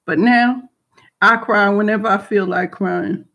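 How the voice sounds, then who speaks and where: A woman's voice: mid-range voice, measured pace, a bit bright. A middle-aged woman telling a personal story to a group, frank and emotional, rambling with many restarts and asides.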